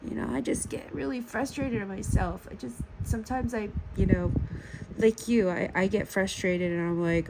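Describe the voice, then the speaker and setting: A woman vlogging while she draws, talking in a casual, self-deprecating way, full of halting restarts and fillers. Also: mid-range voice. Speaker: art vlogger. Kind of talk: casual rambling commentary while drawing. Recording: audible background noise.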